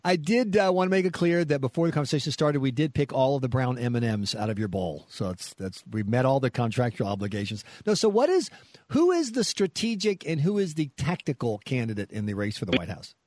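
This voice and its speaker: Male podcast host, lively pitch, teasing, dry close sound. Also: a little fast, dry recording. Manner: joking, teasing banter. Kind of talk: podcast interview.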